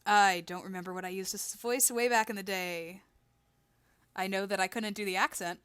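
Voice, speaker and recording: A woman's voice: mid-range voice, steady tone, moderate pace, fairly bright tone, clear, resonant tone. A woman hosting a playthrough, chatting and giggling casually between game lines. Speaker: let's-play host. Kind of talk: casual commentary. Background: game music.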